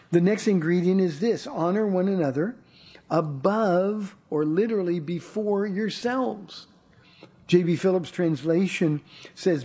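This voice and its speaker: A male pastor delivers a sermon in a mellow, slightly husky voice. He speaks earnestly and often doubles up his words as he gathers a thought. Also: high-pitched. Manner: earnest, repeats words when starting a thought. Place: church.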